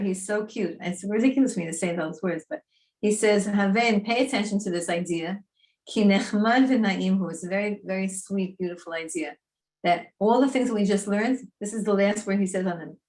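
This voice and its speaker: A woman teaching a Torah class in a lively, chatty, emphatic way. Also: medium pitch, moderate pace.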